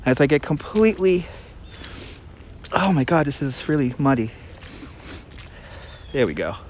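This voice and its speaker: Walking through a park with a handheld phone, a Brooklyn-accented tour guide and livestream host rambles quickly to his viewers, often restarting. His voice runs a bit high for a man with big swings in pitch, and there's slight background noise.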